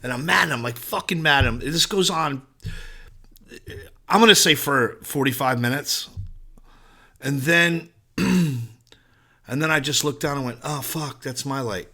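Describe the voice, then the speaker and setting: Bright-voiced, swearing male podcast host. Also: a little high, unhurried, long pauses. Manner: profane, rambling, animated storyteller. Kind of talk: casual storytelling monologue.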